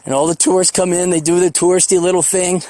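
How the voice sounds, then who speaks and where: A man's voice: high-pitched, level tone, warm tone, no echo. A man in his forties hosting a solo podcast, rambling in a profane, reflective way. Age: 40s. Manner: rambling, profane, reflective, mocks others in quick put-on voices. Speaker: podcast host.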